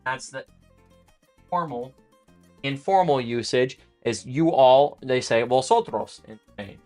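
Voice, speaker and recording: A man's voice: medium pitch, slow pace, a little mellow, dry recording, faint music behind. A man teaching a casual live-streamed Spanish lesson, thinking aloud with fillers and restarts while he writes out conjugations.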